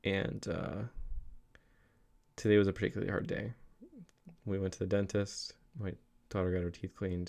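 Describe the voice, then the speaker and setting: A young man with a lowish voice speaks in a casual, reflective vlog meant for his children. He rambles earnestly, often stopping and restarting his sentences, with plenty of fillers. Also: flat delivery, moderate pace, gravelly, pauses often, darkish tone. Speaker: father vlogging a daily reflection.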